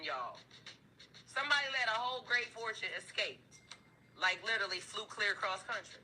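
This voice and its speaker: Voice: mid-range voice, lively intonation, moderate pace, sharp tone, a little hiss or hum, poor audio. A tarot reader giving a casual, blunt reading to viewers, swearing freely, laughing, and getting heated as the cards turn up. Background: background music.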